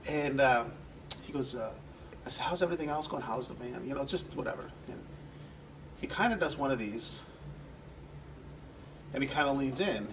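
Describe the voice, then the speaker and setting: Male guest, mid pitch, earnest rambling storyteller, a bit off-mic, faint room hum. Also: expressive, normal speed, long pauses, distant mic. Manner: earnest, rambling storyteller who acts out quoted voices. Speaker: guest, entertainment center manager. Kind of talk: conversational storytelling interview.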